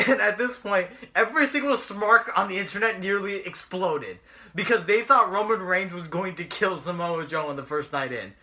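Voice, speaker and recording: A man's voice: sits high, moderate pace, sharp tone. A young man co-hosting a casual wrestling review, ranting sarcastically and swearing a lot. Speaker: podcast co-host.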